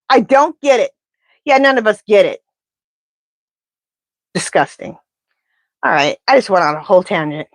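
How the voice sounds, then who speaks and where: A woman doing a live pendulum reading, talking in an animated, indignant, chatty way. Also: medium pitch, dry recording. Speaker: tarot reader.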